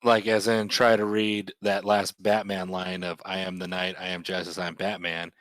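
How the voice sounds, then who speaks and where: Low-voiced joking man, dry sound. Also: little pitch movement, moderate pace, fairly bright tone, no echo. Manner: teasing, joking. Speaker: co-host reading chat. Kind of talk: casual banter.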